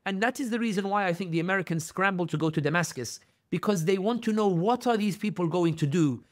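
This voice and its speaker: A man's voice: high-pitched, fast, dry recording, studio quality. A man speaking as a guest on an interview podcast, telling stories with feeling and acting out the voices of people he quotes. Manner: animated storyteller, acts out quoted voices. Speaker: guest commentator.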